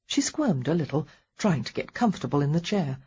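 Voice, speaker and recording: Lady narrator reading a romance novel, raspy voice, kinda dull lo-fi sound. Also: sits low, fairly quick. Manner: calm, even storytelling. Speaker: audiobook narrator. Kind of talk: scripted narration.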